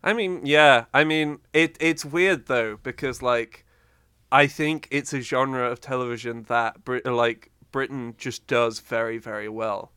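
A man's voice: mid-range voice, unhurried, pushed and bright, clear, resonant tone, dry recording, studio quality. A man co-hosting a podcast in casual chat, wry and rambling as he talks. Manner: rambling, lots of fillers and restarts, wry. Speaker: podcast co-host.

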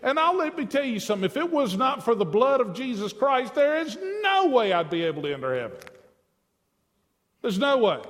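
A male preacher delivers an impassioned sermon, his delivery swelling and falling and returning to phrases for weight. His voice sits high for a man. Long reverb from a large hall trails every line.

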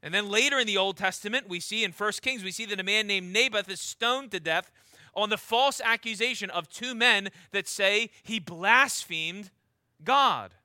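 A man's voice: sits high, normal speed, pushed and bright, no echo. A man preaching a sermon. He reads scripture aloud and drags out the key words for emphasis.

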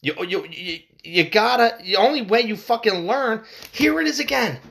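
A man rants straight to his viewers in a heated, fired-up monologue. He swears freely, repeats phrases and trips over restarts, his fairly high voice leaping up and down as he pushes his point. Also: lively intonation, normal speed, vocal fry, a bit bright. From United States. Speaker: vlogger.

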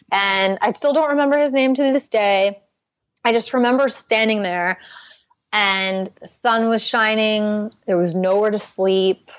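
A woman's voice: mid-range voice, dry recording. A young adult woman, a Christian life coach, earnestly telling her personal recovery story as a podcast guest, full of "like" fillers.

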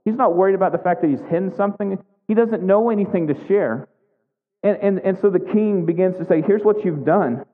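Brisk and high-pitched, a man preaches a sermon as pastor, telling a scripture story in a conversational way and dropping in "right?" as he goes. The sound is thin, like a phone, and echoes around a hall.

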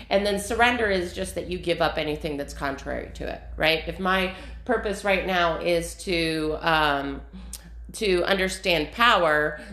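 A woman with a somewhat low voice talks casually through her meditation steps, rambling and full of fillers. Her voice rings in an echoey room. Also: a bit bright. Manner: chatty, rambling, laughs often, many fillers. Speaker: spiritual practice vlogger. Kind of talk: casual spoken meditation walkthrough.

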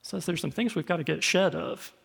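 A man's voice: a little high, brisk, creaky, husky. A male pastor preaching a sermon in a conversational, storytelling way, often repeating words. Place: church sanctuary. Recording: echoey hall reverb.

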